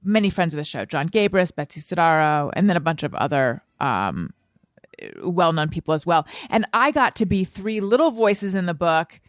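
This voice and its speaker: A woman hosts a podcast in a chatty, rambling way. Her voice sits low but moves a lot in pitch. The sound is dry and close. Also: lively intonation, normal speed, dry recording. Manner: chatty, rambling, self-amused. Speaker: podcast host. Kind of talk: casual chat.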